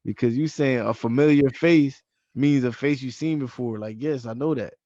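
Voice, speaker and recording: A man hosting a podcast in casual chat, animated and insistent, repeating his points. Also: medium pitch, normal speed, dull audio. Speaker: podcast host.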